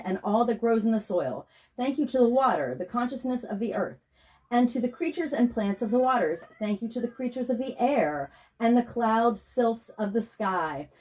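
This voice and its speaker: A woman, a spiritual healing facilitator, reading a scripted guided meditation and invocation in a slow, measured way. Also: a little high, a little mellow.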